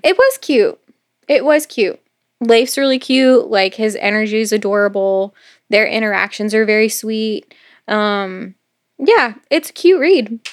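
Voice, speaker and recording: A woman's voice: a little high, expressive, unhurried. A young woman co-hosting a podcast, recapping a romance novel in casual, filler-filled chat. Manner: chatty, filler-heavy retelling. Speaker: podcast co-host. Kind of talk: casual book review chat.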